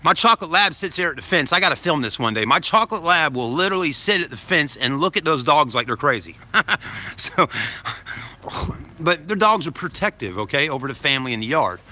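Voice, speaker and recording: A man's voice: fairly high pitch, very animated, a little fast, bright, forceful tone. A man, a dad vlogging into his phone outside a grocery store, telling a story in a rambling way and adding "okay?" after his points. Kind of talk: casual storytelling to camera. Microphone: phone held to self.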